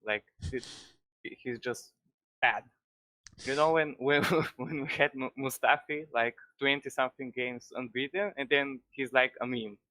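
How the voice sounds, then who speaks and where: A man's voice: medium pitch, steady tone, unhurried, sharp tone, dry recording. A man, not a native English speaker, calling in to a football stream, talking hesitantly with many restarts. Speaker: caller. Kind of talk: casual call-in chat.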